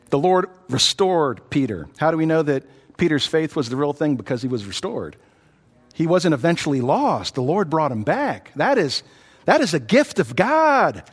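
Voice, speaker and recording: Male pastor, high voice, earnest sermon, long hall reverb, repeats himself. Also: sing-song, moderate pace, slightly rough. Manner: earnest, repeats words, rises when voicing others.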